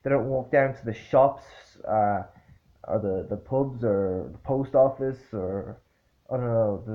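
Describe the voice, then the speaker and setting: A man tells a story straight to the camera in a loose, halting way, stumbling over fillers and restarts. He is blunt and swears easily, with an exasperated edge. His voice sits at an ordinary pitch, and the recording sounds dull and lo-fi. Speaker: vlogger. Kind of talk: casual anecdotal storytelling.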